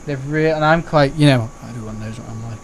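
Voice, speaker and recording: A man's voice: mid-range voice, fairly quick, a little hiss or hum. A young man, chatting casually and rambling on a live stream, swearing and laughing often.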